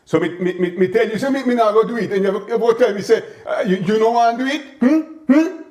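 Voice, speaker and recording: A man's voice: sits high, quick pace, darkish tone, roomy sound, pitched above the performer's own voice, lightly acted. A man voicing an older Caribbean father who grumbles through an argument, mumbling and swinging up and down. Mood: grumbling. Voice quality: mumbling, rising and falling, talking to himself.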